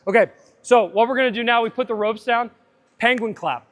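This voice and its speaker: A man's voice: very high-pitched, fairly quick, a bit bright. A man coaching a live fitness seminar, upbeat and chatty, drifting into side tangents.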